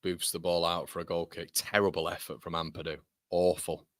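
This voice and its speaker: A football fan channel host with a low voice and flat delivery is recorded in clean studio sound with no room noise. During a live match watchalong he reacts rapidly to the action in heated, exasperated rants, swearing often.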